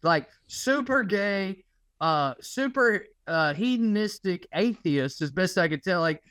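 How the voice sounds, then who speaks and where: A man's voice: sits high, lively intonation, slow, a bit bright, dry recording. A man hosting a podcast in casual political chat, wry and sardonic, riffing on what others say. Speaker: podcast host.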